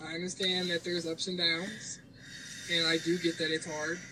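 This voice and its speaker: A man's voice: a little high, level tone, normal speed. A man comforting his upset partner, soothing and reassuring, repeating himself. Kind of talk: comforting conversation. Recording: noisy background.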